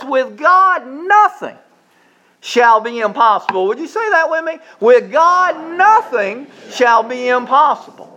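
A man preaching a sermon as pastor, stressing key phrases slowly and calling on the congregation to repeat after him. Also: very high voice, fairly bright tone, muffled recording.

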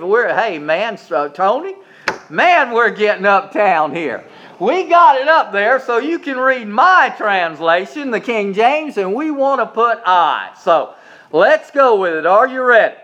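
A man preaching a sermon, swinging from loud, emphatic calls to soft, hushed prayer. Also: high voice, highs cut off. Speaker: pastor.

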